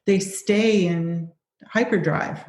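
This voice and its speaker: Low-voiced woman host in an echoey room. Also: takes it slowly, darkish tone, a little hiss or hum. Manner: agreeable, affirming. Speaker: podcast host. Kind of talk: conversational interview.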